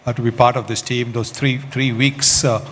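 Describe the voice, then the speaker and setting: A man's voice: mid-range voice, normal speed, a little hiss or hum. An older man with an Indian English accent, a former cricketer reminiscing fondly and easily on stage. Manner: relaxed, fond, with fillers. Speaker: former cricketer, panel guest. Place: large indoor awards hall. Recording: reverberant hall with faint ambience.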